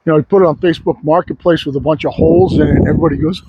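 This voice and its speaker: A man's voice: on the high side, steady tone, quick pace, hardly any pauses, lo-fi sound, a little hiss or hum. A sawmill owner talking casually and bluntly, rambling and swearing freely while he shows off his wood. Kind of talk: casual vlog talk. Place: outdoor log yard.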